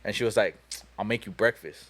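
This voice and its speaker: Young dude rambling thru a story on a podcast, cussing a lot, talks quick. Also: male voice, lowish voice, fairly bright tone, slight background noise. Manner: rambling, profane, heavy on "you know" and "like". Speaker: podcast host telling a story. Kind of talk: casual storytelling chat.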